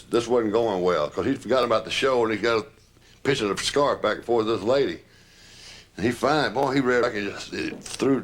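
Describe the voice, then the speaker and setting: An older man reminiscing and telling anecdotes, animated and laughing as he talks. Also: mid-range voice. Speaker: storyteller.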